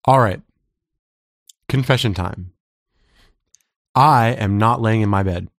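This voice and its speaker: A man's voice: fairly low pitch, takes it slowly, no room sound, clean studio sound. A man co-hosting a podcast in casual, joking talk, his throat slightly scratchy. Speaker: podcast co-host.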